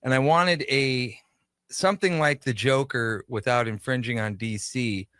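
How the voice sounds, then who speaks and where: Bright-voiced man telling a story. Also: mid-range voice, measured pace, no room sound, clean studio sound. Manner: animated, acts out quoted dialogue. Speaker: shop owner, guest. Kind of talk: casual storytelling interview.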